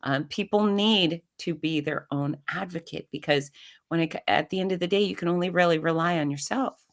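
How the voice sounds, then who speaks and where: A woman's voice: lowish voice, a little fast. A middle-aged woman, a podcast guest, telling a personal story in conversation and acting out the voices she quotes. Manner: animated, acts out quoted voices.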